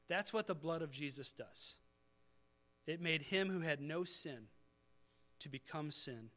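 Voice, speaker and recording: A man's voice: fairly high pitch, a bit bright. Conversational male pastor preaching. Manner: conversational preaching, rising to emphatic peaks. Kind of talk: sermon.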